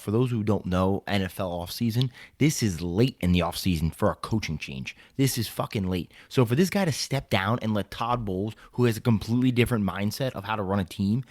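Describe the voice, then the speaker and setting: A man's voice: on the low side, a little fast, few pauses, darkish tone, no room sound. A man co-hosting a sports podcast in casual chat, blunt and sarcastic, ranting with heavy swearing. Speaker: podcast co-host.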